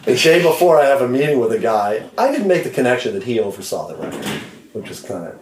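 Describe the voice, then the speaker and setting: A man's voice: mid-range voice, fast talker, echoey room, slight background noise, rough recording. A man working as a record producer, casually telling stories with profanity and acting out quotes. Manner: animated, profane, acts out quotes in raised voice. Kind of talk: casual storytelling chat.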